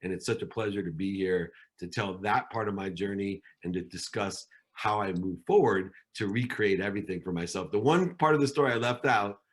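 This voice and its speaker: A middle-aged man tells his life story as a podcast guest, his low voice animated as he acts out the voices of people in it. The telling is confessional and energetic. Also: brisk, hardly any pauses.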